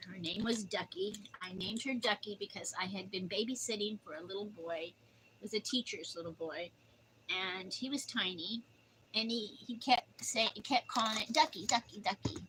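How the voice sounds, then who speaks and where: A woman's voice: medium pitch, moderate pace, bright, forceful tone, a little hiss or hum, rough recording. An older woman chatting casually on her livestream, rambling through stories and cooing at her dog. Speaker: livestream host.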